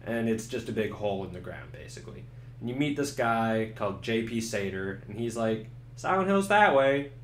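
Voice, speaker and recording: A young man giving a sarcastic, swearing comedic review of a video game and acting out the characters in quick voices. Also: fairly low pitch, slight background noise. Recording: echoey room.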